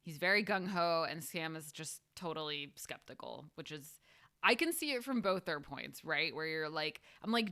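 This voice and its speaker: A woman's voice: low-pitched, expressive, normal speed, pushed and bright. A woman co-hosting a podcast, chatting casually and animatedly as she recaps an episode, often laughing and acting out characters' lines. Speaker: podcast co-host.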